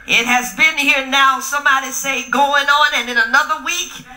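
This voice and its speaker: A middle-aged woman pastor preaching in a call-and-response style, often shouting to the congregation. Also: sits high, fairly even intonation, normal speed, a crowd in the background. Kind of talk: sermon. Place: church hall. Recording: echoey room with music.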